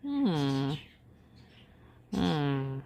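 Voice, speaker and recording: A woman giving casual opinion commentary in a wry, measured way, drawing out her phrases with pauses. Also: deep voice, very animated, gravelly, dark tone. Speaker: political commentary vlogger.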